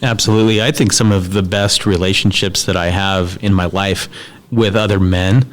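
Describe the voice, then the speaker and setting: Male host, deep low voice, deliberate questioner. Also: fairly even intonation. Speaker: podcast host. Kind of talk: casual interview questions.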